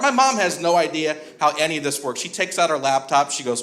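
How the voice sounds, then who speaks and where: A man's voice: fairly high pitch, lively intonation, brisk, few pauses, background noise. A man in his twenties performing a stand-up comedy set, chatty and laughing through his jokes while he works the crowd. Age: 20s. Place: comedy club stage.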